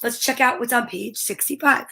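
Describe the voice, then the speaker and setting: A woman's voice: fairly high pitch, normal speed, creaky, pushed and bright, husky. A woman hosting a playful mock children's show, talking with bubbly, exaggerated enthusiasm. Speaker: livestream host.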